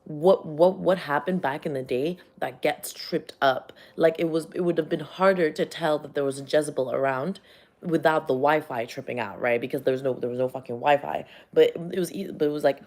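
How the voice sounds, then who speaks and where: Woman vlogger, low voice, loose profane rambling, tarot reading. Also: a little fast. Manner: rambling, profane, animated storytelling. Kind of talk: casual chat.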